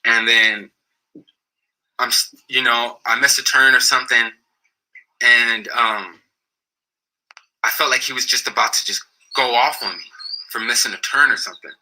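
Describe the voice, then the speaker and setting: A man's voice: medium pitch, fairly even intonation, normal speed, pauses often, bright, forceful tone, low-quality recording. A man telling a personal story in a casual, slangy, rambling way with many restarts. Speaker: guest.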